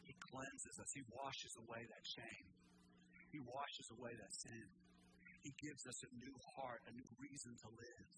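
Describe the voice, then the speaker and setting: A man's voice: mid-range voice, unhurried. A man preaching a sermon as a pastor, emphatic and stressing points by repeating phrases. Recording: clear steady background noise.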